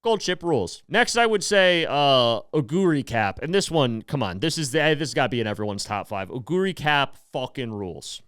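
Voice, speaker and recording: A man in his thirties hosts a podcast in a loose comedic monologue, rambling and swearing as he gets worked up. His pitch jumps all over the place, and his voice comes across smooth and clear. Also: animated, normal speed, hardly any pauses, a bit bright, no echo, studio quality. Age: 30s. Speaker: podcast host.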